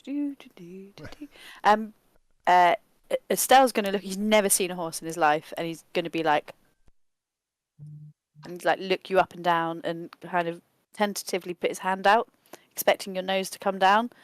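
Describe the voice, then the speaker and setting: A woman's voice: on the low side, fairly even intonation, fairly quick, no echo. A woman playing a tabletop game, chatty and laughing as she thinks aloud about her character. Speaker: player.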